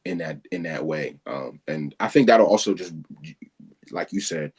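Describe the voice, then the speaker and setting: A man's voice: low voice, animated, normal speed, a little mellow, breathy edge. A man in a casual conversation, earnest and agreeable, reflecting on his own habits. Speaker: guest being coached.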